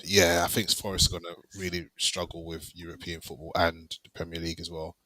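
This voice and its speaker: Bright-toned man bantering about football. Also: low-pitched, little pitch movement, fairly quick, no echo, rough recording. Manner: laughs often, teasing and confident. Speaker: podcast panelist.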